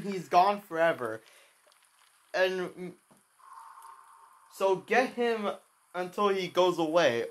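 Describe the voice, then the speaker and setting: A young woman giving excited commentary over her gameplay, full of exclamations, repeats and restarts. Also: lowish voice. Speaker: gaming video creator.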